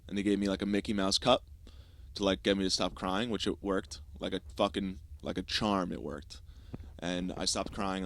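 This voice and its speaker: A young man hosting a podcast, telling a comic story in a profane, animated style and acting out quick asides. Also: on the low side, dry recording. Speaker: podcast host. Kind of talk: comedic storytelling monologue.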